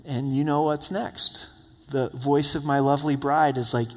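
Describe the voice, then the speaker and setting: A man's voice: mid-range voice, fairly even intonation, a little slow, big-room sound. A man preaching a sermon as pastor, conversational, with tag questions and voiced quotes. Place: church sanctuary.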